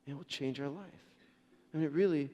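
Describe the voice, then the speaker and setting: A man's voice: on the high side, quick pace, warm tone, in a large hall, muffled recording. A man preaching a sermon as pastor, telling a story in an earnest way with frequent restarts.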